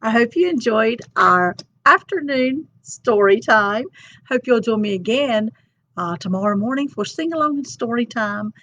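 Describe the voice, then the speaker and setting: A woman's voice: fairly high pitch, animated, moderate pace, a bit bright, dry recording. A woman hosting a storytime, reading a children's book aloud with expression. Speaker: storytime host. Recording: dull lo-fi sound.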